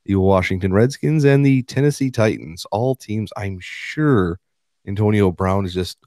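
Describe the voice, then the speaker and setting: Low-voiced man chatting sports. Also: unhurried, no room sound, studio quality. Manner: laughing, animated when reading quotes. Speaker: podcast co-host. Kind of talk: casual sports chat.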